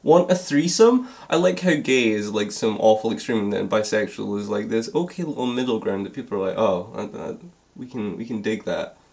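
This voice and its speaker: A man's voice: fairly low pitch, lively intonation, brisk, vocal fry, darkish tone. A young man reads a ridiculous story aloud for his vlog camera. He keeps stopping to crack sarcastic jokes, often laughing at his own commentary. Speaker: vlogger. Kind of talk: comedic dramatic reading with commentary.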